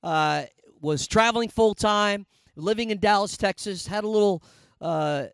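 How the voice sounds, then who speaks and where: A middle-aged man from Indiana, a pastor telling a personal story in a sermon, animated and conversational with frequent fillers. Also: sits high, measured pace, vocal fry, clean tone, dry recording.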